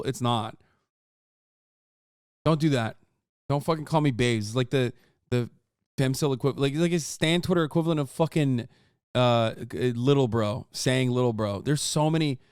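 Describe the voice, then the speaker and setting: A man's voice: medium pitch, clean tone, dry recording, clean studio sound. A man in his thirties streaming, reacting to a video with profane, sarcastic ranting. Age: 30s. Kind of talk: casual livestream commentary.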